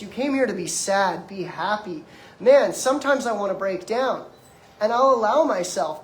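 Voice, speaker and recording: A man's voice: high-pitched, slight background noise. Young man in his twenties, emphatic motivational speaker addressing a live audience, recorded in a reverberant room. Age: 20s. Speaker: detox practitioner giving a lecture. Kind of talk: motivational lecture. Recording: echoey room.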